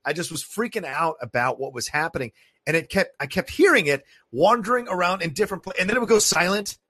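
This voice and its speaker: A young man tells a spooky story to his co-host, swearing often and acting out what he heard. His voice is bright and rises and falls in wide swings. It sounds dry and close to the mic. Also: high voice, fast talker, husky, no room sound. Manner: animated, profane, acts out voices in his story. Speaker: podcast co-host. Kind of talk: casual storytelling chat.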